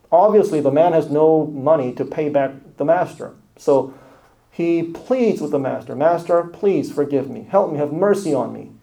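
Gravelly-voiced male pastor preaching. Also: on the high side, warm tone, low-quality recording. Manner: earnest, builds emphasis in short repeated phrases. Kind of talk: sermon.

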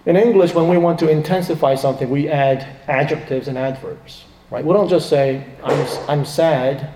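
A man's voice: on the high side, fairly quick, warm tone, slight background noise. A man preaching a sermon, turning dramatic and emphatic when he quotes laments. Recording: echoey, reverberant hall.

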